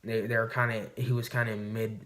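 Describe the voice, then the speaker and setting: Rambling, profane man with a lowish voice. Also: level tone, a little fast, a bit bright. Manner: rambling and profane, recounting a hunt. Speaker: vlogger. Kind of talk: casual storytelling to camera.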